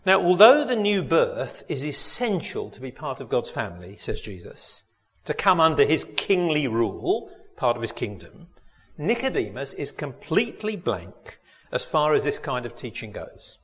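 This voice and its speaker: A man's voice: medium pitch, big pitch swings, moderate pace, fairly bright tone. Man preaching in a reverberant church. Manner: earnest, asks the congregation direct questions. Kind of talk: sermon.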